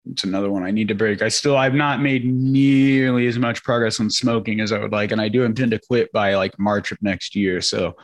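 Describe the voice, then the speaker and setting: A man's voice: on the low side, brisk, few pauses. A man co-hosting a podcast in casual chat, laid-back with a wry, profane way of talking. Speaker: podcast co-host.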